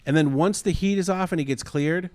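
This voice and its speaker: A man co-hosting a casual podcast chat, retelling a story with animated acted-out quotes and frequent swearing. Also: fairly high pitch, fairly quick. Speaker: podcast co-host.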